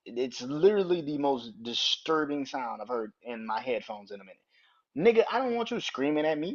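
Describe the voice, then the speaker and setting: A podcast host on a casual opinion show rants bluntly and with plenty of profanity, swinging into loud, incredulous outbursts. His medium-pitched voice is very animated and a little fast, and the highs sound cut off.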